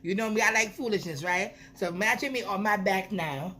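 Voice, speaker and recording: A woman's voice: mid-range voice, a little fast, sharp tone. A young woman, telling a playful storytime vlog with swearing. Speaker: vlogger. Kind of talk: casual storytime.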